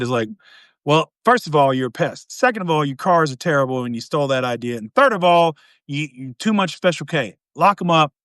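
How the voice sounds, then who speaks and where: A man's voice: a little high, expressive, a little fast, fairly bright tone, no echo. A man hosting a podcast, joking and rambling in casual chat, full of "you know" asides. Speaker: podcast host.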